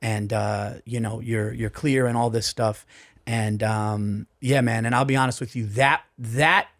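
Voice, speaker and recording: Profane, excitable man telling a story. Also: mid-range voice, measured pace. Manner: profane, excitable, acts out voices. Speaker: podcast guest, comedian. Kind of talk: animated storytelling. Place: podcast studio. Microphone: studio mic.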